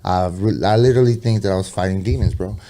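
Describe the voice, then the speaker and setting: A man telling a personal story in a rambling, profane way, full of slang asides, who drops low and quiet for the eerie parts. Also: quick pace. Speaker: podcast guest, rapper. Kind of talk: casual storytelling interview.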